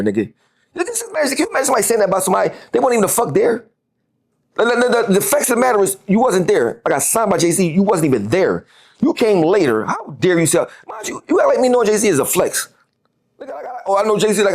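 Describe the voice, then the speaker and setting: A man, a guest on a podcast interview, talking heatedly and profanely and repeating words as he gets worked up. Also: sits high.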